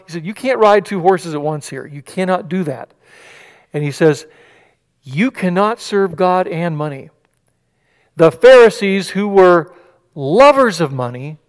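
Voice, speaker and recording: Animated preacher in a reverberant hall. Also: male voice, fairly high pitch. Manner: animated, acts out quoted voices, many restarts. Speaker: pastor. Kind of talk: sermon.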